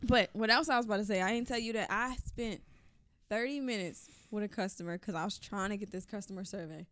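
A woman's voice: medium pitch, fast, fairly bright tone, no room sound. A young woman from New York City, co-hosting a podcast and telling stories in casual chat, acting out what people said. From New York City, USA. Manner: chatty, retells scenes with quoted dialogue, laughs often. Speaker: podcast co-host.

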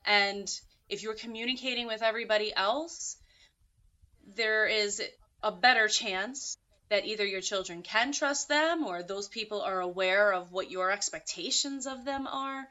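A woman's voice: mid-range voice, a little slow, pushed and bright. A woman talking as a podcast guest in a casual interview, earnest and thinking aloud with many fillers. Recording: muffled lo-fi audio.

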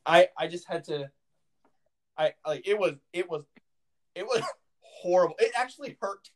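A man's voice: high-pitched, animated, moderate pace. Giggly young man telling a story. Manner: rambling, giggly, many fillers and restarts. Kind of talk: casual storytelling chat.

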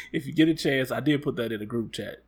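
A man co-hosting a casual chat, telling stories with lively acted-out quotes and laughter. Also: medium pitch, brisk, slightly rough. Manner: animated, acts out quotes with loud jumps and laughs. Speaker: podcast co-host.

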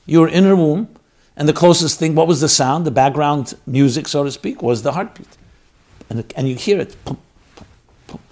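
A man giving a sermon, swinging between loud exhortation and quiet storytelling. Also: on the high side, normal speed.

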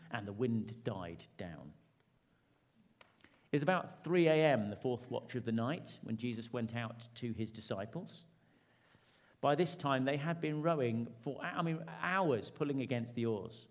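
A man preaching a sermon, with dramatic rises and hushed drops. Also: medium pitch, lively intonation, moderate pace.

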